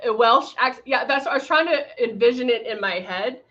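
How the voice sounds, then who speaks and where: A woman's voice: a little high, fairly quick, pushed and bright. A woman hosting a live makeup tutorial, chatting with viewers and greeting them by name between steps, with frequent fillers. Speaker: makeup demonstrator hosting a livestream. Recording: slightly dull livestream audio.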